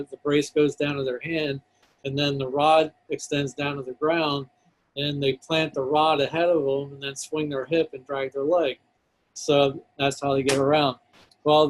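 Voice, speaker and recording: A man's voice: a little high, poor audio. Earnest man telling a story. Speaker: guest. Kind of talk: storytelling in a talk show.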